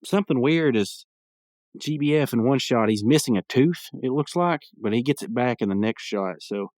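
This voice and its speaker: A man's voice: medium pitch, animated, normal speed, darkish tone, no echo. A man hosting a podcast, giving a rambling, chatty recap of a cartoon episode with frequent restarts. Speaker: podcast host.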